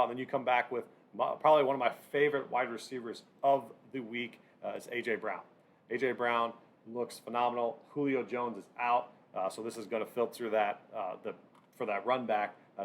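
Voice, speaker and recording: A man hosting a casual sports picks breakdown, talking in halting bursts with lots of fillers and restarts. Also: fairly low pitch, a little hiss or hum. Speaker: sports betting channel host.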